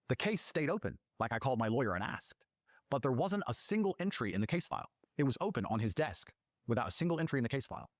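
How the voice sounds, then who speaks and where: A man's voice: mid-range voice, dry recording, clean studio sound. A man telling a long personal story, swearing often and acting out the lines of the people in it. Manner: profane, acts out quoted dialogue. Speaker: guest telling his story. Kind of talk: animated storytelling.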